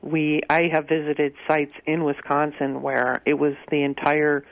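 A man's voice: on the high side, little pitch movement, unhurried, gravelly, slight background noise. A man answering gardening questions on a call-in radio show, hesitant with many ums and dry asides. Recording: muffled radio broadcast audio.

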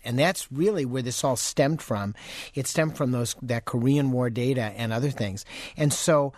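A man's voice: medium pitch, lively intonation, moderate pace, no echo. Chatty man giving health advice on radio. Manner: chatty, explanatory, folksy. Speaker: doctor co-host of a health call-in radio show.

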